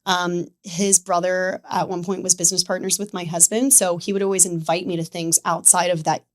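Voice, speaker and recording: A woman's voice: fairly low pitch, flat delivery, a little fast. A woman in her thirties telling a personal story as a podcast guest, chatty and full of filler words. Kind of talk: casual interview storytelling.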